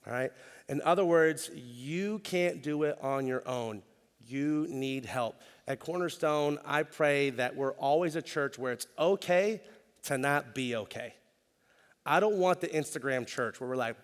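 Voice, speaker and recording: A man's voice: medium pitch, unhurried. A man preaching a sermon as pastor, talking in a conversational way with self-deprecating humor and repeating key lines for emphasis. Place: church auditorium. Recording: long reverb of a church hall.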